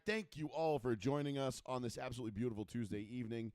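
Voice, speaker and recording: A man's voice: medium pitch, fast talker, hardly any pauses, darkish tone, dry recording. A man hosting a casual talk show, bantering in a brash, joking, boastful way. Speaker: podcast host. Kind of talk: casual chat.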